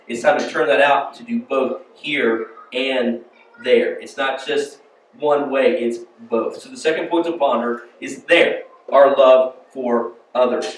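American pastor in an echoey church hall. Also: male voice, a little high, distant mic. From United States. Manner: casual, storytelling, asks the congregation questions. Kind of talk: conversational sermon. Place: church sanctuary.

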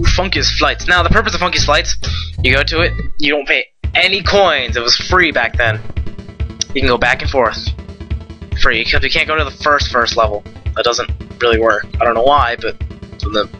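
A young man giving casual gameplay commentary, rambling, swearing often and yelling at the game. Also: medium pitch, moderate pace, dull audio, faint music behind. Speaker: let's play host.

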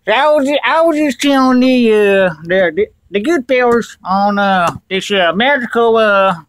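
A man's voice: sits high, expressive, moderate pace, a bit bright, slight background noise. Man doing a rowdy drawling hillbilly. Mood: rowdy boasting. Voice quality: drawling, rowdy, crude, full of "uh" fillers. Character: loud crude male hillbilly tobacco dipper. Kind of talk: comedy character vlog.

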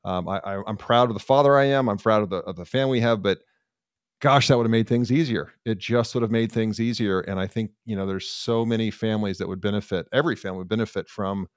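A man's voice: on the low side, quick pace, no echo, studio quality. A middle-aged man hosting an interview podcast, speaking reflectively with some hesitations. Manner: thoughtful, hesitant, soft affirmations. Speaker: podcast host.

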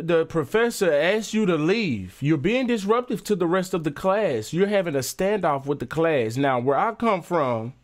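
A man hosting a reaction video, giving casual, opinionated commentary in an informal way with frequent restarts. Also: on the high side.

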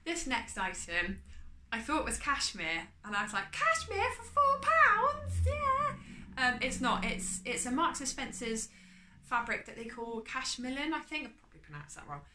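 A woman chatting casually as she shows off her charity shop clothes haul, upbeat and often trailing off quietly. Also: fairly high pitch, animated, normal speed, background noise. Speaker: vlogger. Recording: echoey room with faint ambience.

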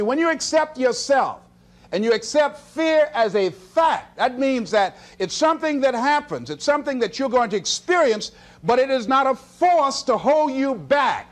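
A man giving a motivational speech, telling stories and acting out his own self-talk. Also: very high voice. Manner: storytelling, animated, acts out self-talk. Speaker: motivational speaker.

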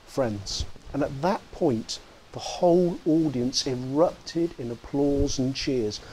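Expressive male lecturer, slightly high voice. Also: poor audio. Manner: expressive, varying pace and volume for emphasis. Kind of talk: public lecture with dramatic readings. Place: lecture hall before an audience.

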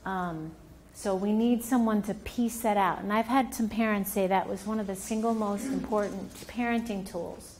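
A woman family therapist giving a workshop talk to parents, animated and acting out parent and child voices as she explains. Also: mid-range voice, slight background noise.

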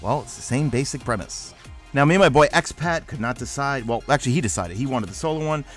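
Rambling New York gamer, fast talk. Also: male voice, medium pitch, faint music behind. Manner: rambling, energetic, self-mocking. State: sleepy. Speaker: gaming YouTuber. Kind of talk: game walkthrough commentary.

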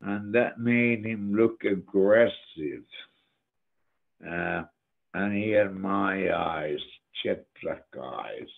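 A man's voice: deep voice, animated, very slow, gravelly. An older man, a guest musician, telling rambling stories with a lot of swearing over a tinny, phone-like connection. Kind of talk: casual interview chat. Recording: tinny phone-like remote audio.

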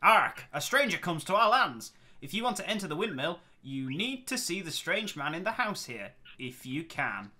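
A man's voice: high voice, sing-song, normal speed, few pauses, sharp tone, full character voice. A man voicing a talking parrot in a game, squawking out directions. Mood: announcing.

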